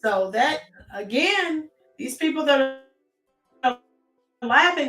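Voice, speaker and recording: High-voiced American woman, chatty live-streamer. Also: lively intonation, takes it slowly, long pauses, a bit bright, roomy sound, recorded from a distance, faint music behind. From United States. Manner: chatty, greets chat viewers by name, keeps calling out to folks.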